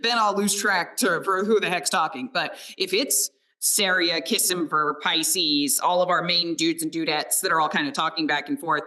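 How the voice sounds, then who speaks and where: Bright-toned woman, distant mic. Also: on the low side, steady tone, moderate pace, few pauses. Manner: enthusiastic, laughs often. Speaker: audiobook narrator. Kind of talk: casual conversation.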